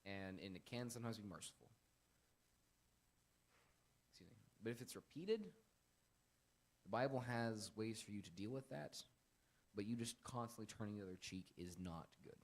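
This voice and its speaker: A young man hosting a casual Bible lesson, earnest and emphatic, with animated bursts when quoting. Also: lowish voice, moderate pace, pauses often. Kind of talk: casual Bible teaching chat.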